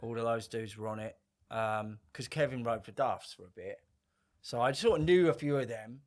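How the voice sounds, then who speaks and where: A man in his fifties chats as a podcast guest, pitched in the middle of the male range. He tells stories loosely, stopping and restarting, and swears casually as he goes. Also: normal speed. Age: 50s. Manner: rambling, laid-back storytelling with frequent swearing and restarts.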